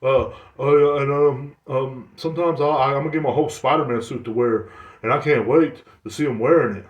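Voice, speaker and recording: A man's voice: medium pitch, fairly quick. Profane rambling man in a roomy room. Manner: profane, rambling, animated storytelling. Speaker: podcast host. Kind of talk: casual solo podcast rant.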